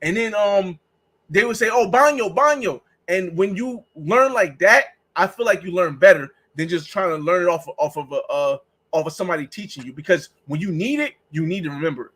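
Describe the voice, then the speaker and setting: A man's voice: high voice, fairly quick, fairly bright tone, breathy edge, poor audio. A man hosting a travel vlog, chatting casually and rambling through stories with acted-out exchanges. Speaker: travel vlogger host. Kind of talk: casual livestream chat.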